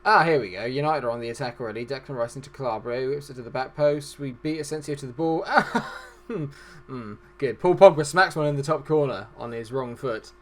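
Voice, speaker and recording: Excitable man commentating a game. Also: medium pitch, fast talker, few pauses. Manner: excitable, joking, self-deprecating. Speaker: gaming YouTuber. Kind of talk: football management game commentary. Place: at home desk.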